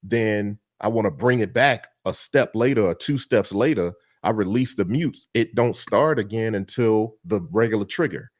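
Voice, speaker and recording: A man co-hosting a podcast, talking casually about beat-making gear, relaxed and quick to laugh. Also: fairly low pitch, dry recording, studio quality. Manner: relaxed, laughs easily, slangy. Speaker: podcast co-host, beatmaker. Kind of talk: casual chat about music production gear.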